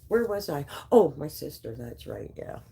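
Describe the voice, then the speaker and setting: Woman, low voice, sleepy and worn out; rambling home livestream chat, halting, swears, restarts lines often. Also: big pitch swings, gravelly, dark tone, husky. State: tired, sleepy. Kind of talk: casual live-stream chat.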